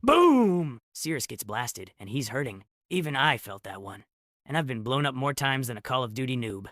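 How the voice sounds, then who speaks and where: A man's voice: mid-range voice, fairly quick, sharp tone, dry recording, studio quality. A man narrating a comic story recap with sarcastic asides.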